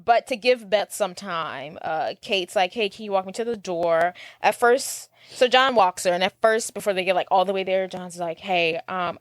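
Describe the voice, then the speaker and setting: A woman co-hosting a podcast who narrates a movie's plot at a steady pace and chimes in with short agreements. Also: medium pitch, normal speed, hardly any pauses, no room sound. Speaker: podcast co-host. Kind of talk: casual movie recap chat.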